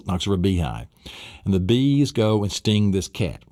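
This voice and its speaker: A man's voice: lowish voice, normal speed, no room sound, clean studio sound. A man teaching a memory course in a recorded seminar lesson. He tells vivid little stories with sound effects and keeps asking rhetorical questions. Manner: animated storyteller, adds sound effects and asks rhetorical questions. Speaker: memory-training instructor.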